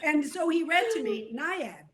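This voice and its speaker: An older woman from New York, telling her story as an interview guest in a lively, vivid way. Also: high-pitched, unhurried, crowd noise.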